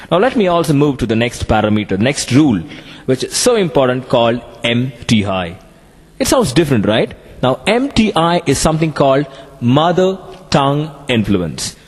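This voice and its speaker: A man with an Indian English accent, giving a classroom lecture on communication skills in an animated way. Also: medium pitch, husky, long reverb tail.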